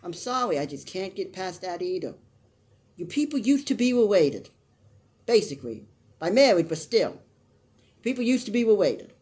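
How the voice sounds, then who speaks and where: A reviewer recapping a soap opera in an easygoing, rambling way, drifting into tangents and restarting sentences. They give blunt opinions and slip into mock voices for the characters. The voice sits at a middle pitch. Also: sing-song, moderate pace, long pauses, a little mellow, husky. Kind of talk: casual recap commentary.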